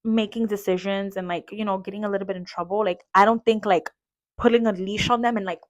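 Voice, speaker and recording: A woman in her thirties talks casually as a podcast guest, her voice sitting at an ordinary middle pitch. She tells lively stories, acts out what people said, and fills her sentences with "like". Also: fast talker. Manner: animated storyteller, acts out quotes, frequent "like". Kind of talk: casual chat.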